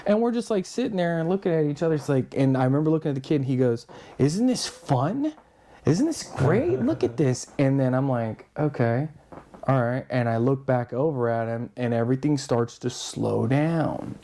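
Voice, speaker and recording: A podcast guest tells a long story casually in a mid-range voice, talking briskly with hardly any pauses. He swears constantly and stays animated, acting out other people's lines in their voices.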